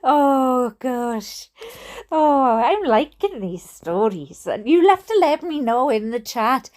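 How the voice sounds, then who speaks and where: A woman's voice: high-pitched, expressive, takes it slowly, a little mellow. A Welsh woman reading funny stories aloud, with chatty, giggly, mock-indignant asides. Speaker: storyteller reading viewer stories.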